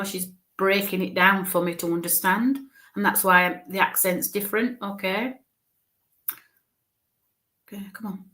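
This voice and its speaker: A woman medium giving a live reading, speaking haltingly, searching for words, repeating phrases and often checking in with the listener. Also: on the low side, fairly bright tone. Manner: searches for words mid-sentence. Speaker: spiritualist medium.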